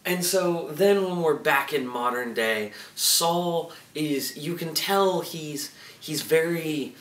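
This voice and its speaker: A young man casually reviewing a TV episode, chatty and animated, briefly acting out the characters' lines as he goes. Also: medium pitch. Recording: roomy echo, mic at a distance.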